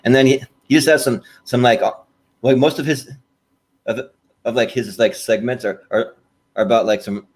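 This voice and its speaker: A man's voice: mid-range voice, steady tone, normal speed. A man co-hosting a podcast in casual chat, rambling with many fillers and restarts. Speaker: podcast co-host.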